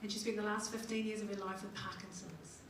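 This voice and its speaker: A woman's voice: medium pitch, little pitch movement, fast talker. Middle-aged New Zealand woman, conference speaker, jokey storyteller, heard from a distance in a reverberant hall with room noise. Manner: chatty, jokey, acts out little dialogues. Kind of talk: humorous motivational talk. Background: audience laughing.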